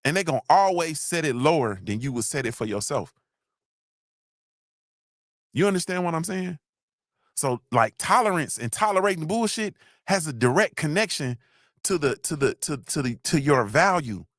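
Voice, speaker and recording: Animated and speaking at a normal pace, a middle-aged man leads a live motivational session, recorded in the studio with no echo. He repeats himself, preaches, and gives viewers shout-outs, his voice sinking low when emotion takes over.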